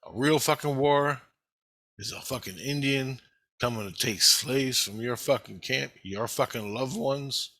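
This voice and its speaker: A man's voice: mid-range voice, measured pace, bright, forceful tone. A man talking in a rambling personal video monologue, heated and heavily profane. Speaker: vlogger.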